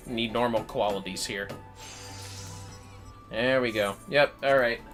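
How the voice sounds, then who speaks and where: This livestreamer speaks slowly into a desk mic, his middle-pitched voice bright and forceful, with faint game music underneath. Chatty and casual in his gameplay commentary, he swears freely and reads out and answers messages from chat.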